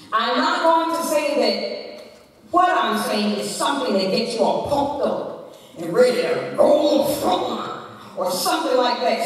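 A woman giving a women's day sermon in a church, preaching dramatically and emphatically and telling a family story. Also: high-pitched. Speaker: church speaker. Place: church sanctuary. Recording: echoey church hall from far off.

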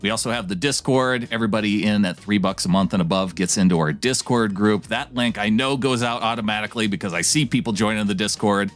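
A man's voice: lowish voice, fast talker, hardly any pauses, faint music behind. A man co-hosting a podcast, reading a listener's email with playful, theatrical delivery, then chatting casually. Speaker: podcast co-host.

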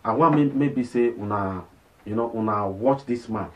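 A man's voice: fairly low pitch, moderate pace. A man with a Nigerian Pidgin accent giving casual vlog commentary in a chatty way, repeating himself and asking "you understand?". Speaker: vlog host.

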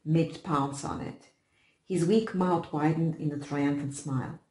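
A woman reading a short story aloud as audiobook narrator, steady and measured. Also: deep voice, reverberant, low-quality recording. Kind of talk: scripted narration.

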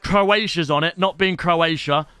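Young male streamer, high bright voice, excitable sweary banter. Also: a little slow, clear, resonant tone, dry recording, soft background music. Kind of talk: casual live-stream pack-opening commentary. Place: home streaming setup.

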